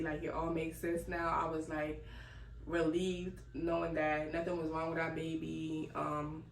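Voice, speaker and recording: A young woman telling a casual, animated story and laughing as she goes. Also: low-pitched, creaky. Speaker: vlogger. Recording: echoey room, distant mic, faint noise.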